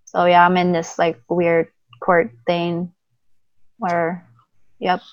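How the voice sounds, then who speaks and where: A woman's voice: on the low side, completely flat delivery, slow, no room sound, highs cut off. A young woman in a casual chat as a guest, talking in a rambling way and laughing often.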